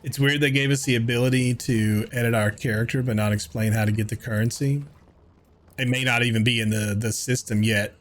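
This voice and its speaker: A man's voice: medium pitch, fairly even intonation, fairly quick. Older man bantering on a game stream. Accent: Southern US. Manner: joking banter with chat. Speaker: livestreamer. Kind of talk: casual game-stream chat.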